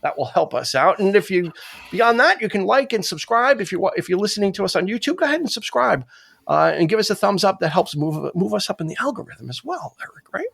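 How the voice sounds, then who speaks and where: A man hosts a podcast in loose, joking conversation. His voice sits high and swings widely in pitch, and he often trips over and restarts his words. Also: fast talker, vocal fry, slightly rough. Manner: animated, joking, stumbling restarts. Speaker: podcast host. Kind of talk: casual chat.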